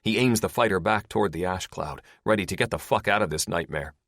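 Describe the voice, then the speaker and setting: A man's voice: low voice, fairly quick, a bit bright, dry recording, clean studio sound. A man narrating an action-heavy audiobook in a dramatic, scripted style.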